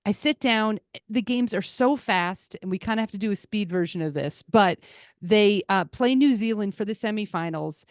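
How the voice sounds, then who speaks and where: Woman, podcast host, excitable, rambling, dry close sound. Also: medium pitch, normal speed, no echo. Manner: excitable, gushing, rambling storyteller. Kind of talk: casual sports chat.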